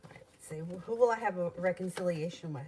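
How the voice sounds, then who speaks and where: A woman's voice: on the low side, quick pace. A woman giving casual tarot readings on a live stream, talking in a loose, rambling way. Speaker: tarot reader. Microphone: home streaming setup. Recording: noisy live stream audio.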